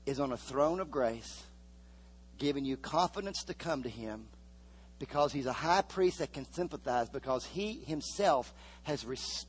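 A man's voice: a little high, husky. A male preacher delivering a sermon, repeating phrases and pushing the congregation for amens.

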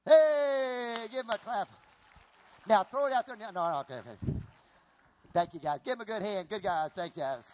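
High-voiced animated male preacher. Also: brisk, slight background noise. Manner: animated, repetitive, folksy. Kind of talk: sermon with stage demonstration.

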